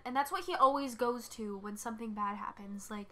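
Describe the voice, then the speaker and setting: Bright, higher woman's voice; podcast co-host, animated storyteller who acts out quotes and giggles. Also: fairly quick, few pauses, slight background noise. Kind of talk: casual storytelling chat.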